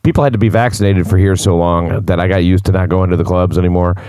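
A male stand-up comedian chatting as a podcast guest, dry and laid-back, with halting restarts. His voice is very deep. The recording is dry and close. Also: steady tone, warm tone, smooth, dry recording. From United States. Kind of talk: casual chat.

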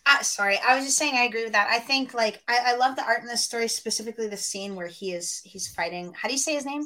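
A woman chatting casually about comic art, quick to agree and apologize for interrupting. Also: fairly high pitch, bright, forceful tone. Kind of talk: casual comic book review chat.

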